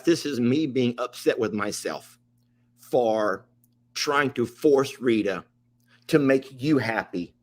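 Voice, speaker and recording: A middle-aged man speaks into the camera in an emotional, upset rant. He talks plainly and forcefully, circling back to the same points with a voice of ordinary middle pitch. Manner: impassioned, repetitive, Southern-style plain talk. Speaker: ranch channel host.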